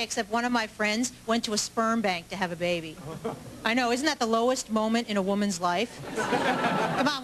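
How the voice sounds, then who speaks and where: Chatty woman comic on a club stage. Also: a little high. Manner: chatty, self-mocking, with quick asides to the crowd. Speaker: stand-up comedian. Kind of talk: stand-up comedy set. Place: comedy club stage before a live audience. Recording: live club with loud audience laughter and noise.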